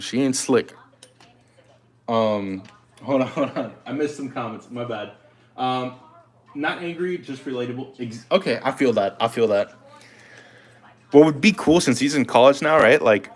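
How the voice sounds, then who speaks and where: On a casual live stream, a man with a medium-pitched, fairly bright voice chats loosely and talkatively, responding to comments as he draws.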